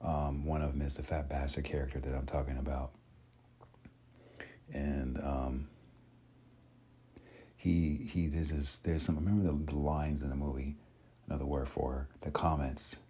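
A man vlogging in a casual, rambling way, with many pauses and restarts. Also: very deep voice, flat delivery, dark tone, slightly rough. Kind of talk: casual chat.

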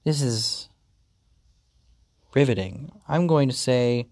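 A deadpan game host talks through a text-adventure playthrough, reading the story aloud with amusement. The pace is slow and unhurried, and the voice sits mid-pitched. The recording is dry and close to the mic. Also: dry recording. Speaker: gaming video host. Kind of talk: playthrough commentary.

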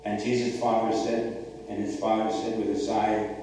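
A man's voice: lowish voice, little pitch movement, normal speed, dark tone. A male pastor preaching a sermon with emphatic, repetitive storytelling, recorded in a church sanctuary. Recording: echoey church hall, far mic, faint hum.

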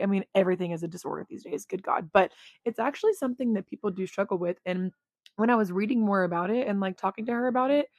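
A woman's voice: medium pitch, a little mellow, no room sound, studio quality. A young woman with a Texan accent hosting a solo podcast, chatting casually and confessionally, laughing often and full of "like" fillers. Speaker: podcast host.

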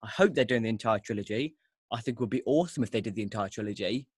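A man's voice: fairly low pitch, racing, breathy edge, no echo. A man hosting a casual podcast chat, talking enthusiastically and restarting often. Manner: enthusiastic, rambling, with frequent restarts. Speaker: podcast host.

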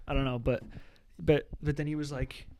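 A man's voice: fairly high pitch, level tone, moderate pace, mellow. Rambling young man telling a story. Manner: rambling storyteller, many restarts and "like". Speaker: podcast co-host. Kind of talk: casual chat.

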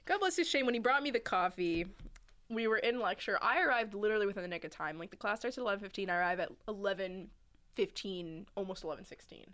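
A young woman chatting casually on a podcast, winding through a long story with frequent laughs. Her pitch sits in an ordinary middle range. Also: expressive, quick pace, fairly bright tone. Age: young adult. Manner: rambling storyteller, laughs often. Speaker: podcast host. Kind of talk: casual chat.

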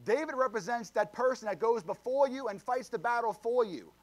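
A fervent preacher with a high-pitched man's voice. He drives his points home with loud, emphatic bursts, then drops into low, confiding asides to the congregation. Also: lively intonation, fairly quick. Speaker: pastor. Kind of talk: sermon.

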